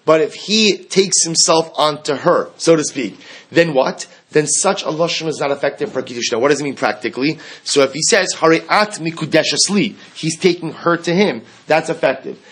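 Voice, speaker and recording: Husky-voiced man teaching Talmud. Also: a little high, normal speed, a bit bright. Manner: explains text line by line, mixing Aramaic and Hebrew terms into English. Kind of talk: Talmud lesson.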